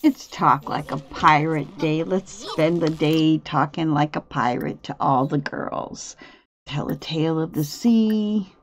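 A woman's voice: sits low, slow. A woman giving casual gameplay commentary, thinking aloud about her choices as she plays. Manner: relaxed, thinks aloud while playing. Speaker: gameplay video host. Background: faint game music.

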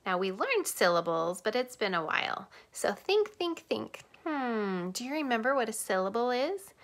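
A woman teacher giving a lesson to young children, sing-song, clapping out words slowly. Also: on the high side, expressive, a bit bright.

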